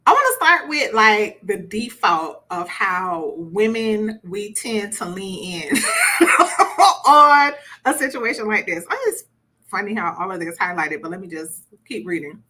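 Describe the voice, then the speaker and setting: A woman's voice: mid-range voice, lively intonation, a little slow, bright, forceful tone. A woman teaching a conversational relationship workshop, chatty and repeating words for emphasis. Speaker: relationship coach.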